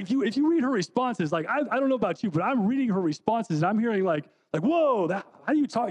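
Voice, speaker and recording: A man with a notably high voice preaches a sermon in a church. He talks conversationally, putting questions to the congregation. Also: darkish tone. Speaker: guest preacher. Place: church sanctuary.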